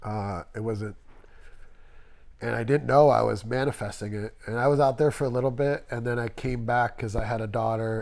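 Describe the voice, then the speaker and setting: A man's voice: lowish voice, darkish tone. A middle-aged man, a tattoo artist guest, telling long, rambling stories in a casual interview and acting out the people he quotes.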